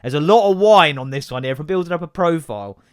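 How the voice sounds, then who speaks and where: A man's voice: fairly high pitch, animated, quick pace, smooth, no room sound, studio quality. A young man hosting a podcast, ranting in a sweary, sarcastic, exasperated way. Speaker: podcast host. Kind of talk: comedic solo rant.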